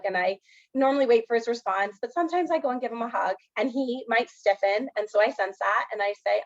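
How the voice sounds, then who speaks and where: A woman's voice: mid-range voice, fairly quick. An earnest woman counselor gives an educational presentation, her mid-range voice scattered with "um" and "you know". The sound is slightly dull and lo-fi, like a webinar recording. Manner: earnest, filler-heavy, often says "um" and "you know".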